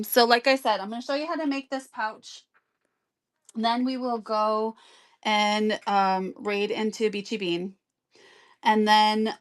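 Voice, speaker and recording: A woman hosts a sewing stream and explains each step at an unhurried pace, with plenty of filler words. Her voice is smooth and clear. The sound is dry and close, with almost no room echo. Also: medium pitch. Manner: chatty and rambling, many ums, greets viewers by name. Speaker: sewing livestream host. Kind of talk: casual sewing tutorial on a live stream.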